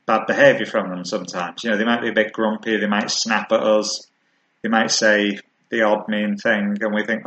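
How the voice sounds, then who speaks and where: A man preaching a sermon, earnest and measured, slowing down to stress key words. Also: lowish voice, a bit bright, poor audio.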